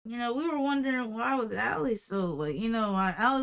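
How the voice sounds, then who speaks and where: Woman storyteller, casual livestream chat, rambling and animated, smooth clear voice, slightly high. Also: brisk. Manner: animated, rambling, repeats phrases for emphasis. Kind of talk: casual storytime while drawing.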